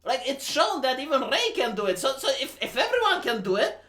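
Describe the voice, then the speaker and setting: Fairly quick and animated, a Romanian man on his livestream rants about a movie, incredulous and cursing freely. He has a bright voice with wide pitch swings, recorded in an echoing room.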